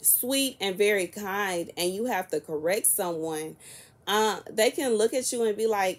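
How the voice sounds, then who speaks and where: A woman in her early thirties, talking casually to camera in a soft-spoken, chatty and rambling way. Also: medium pitch, normal speed. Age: 30s. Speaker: prophetic content creator.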